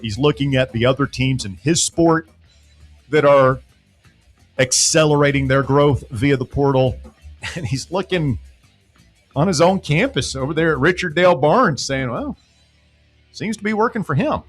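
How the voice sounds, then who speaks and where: A man hosting a sports talk radio show, animated and loud when he hypes things up. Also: unhurried, pauses often, soft background music. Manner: animated, swings loud and high when hyping.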